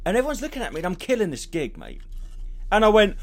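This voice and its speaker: Comic co-host, lively, slightly high voice, casual storytelling. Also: male voice, quick pace. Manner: animated storytelling, swearing freely. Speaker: comedian podcast co-host. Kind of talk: casual podcast banter.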